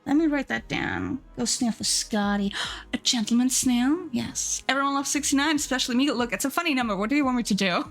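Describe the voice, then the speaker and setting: Young woman streamer, giggly chatterbox, higher voice, faint music bed. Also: fast talker, vocal fry. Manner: giggly, chatty, reads chat aloud. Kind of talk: casual live-stream chat.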